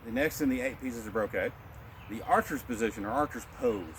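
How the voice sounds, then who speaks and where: A male martial arts instructor calmly leading a qigong class, cueing each breath in a slow, steady rhythm. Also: medium pitch, gravelly, slight background noise.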